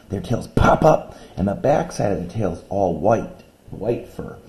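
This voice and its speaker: A male teacher recording a lesson video, patiently explaining a poem step by step and reading its lines aloud slowly. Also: fairly low pitch, mellow.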